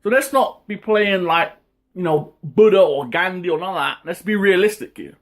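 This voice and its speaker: A man hosting his own boxing talk channel, ranting in a heated, casual way, with lots of swearing and sudden high-pitched outbursts. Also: lively intonation, moderate pace. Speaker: boxing commentary vlogger. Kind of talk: casual opinion rant.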